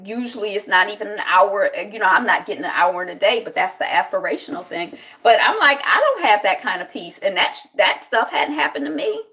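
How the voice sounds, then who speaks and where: A woman's voice: medium pitch, sing-song, brisk, hardly any pauses, bright, forceful tone. A woman hosting a casual solo commentary show, talking in a rambling, reflective way with many fillers and greeting viewers by name. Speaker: show host.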